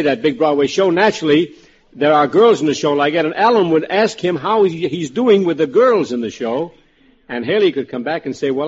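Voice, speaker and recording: A man on a radio panel pitching sketch ideas, hesitant with many fillers. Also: a little mellow. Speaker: comedy writer panelist. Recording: muffled old radio broadcast, audience behind.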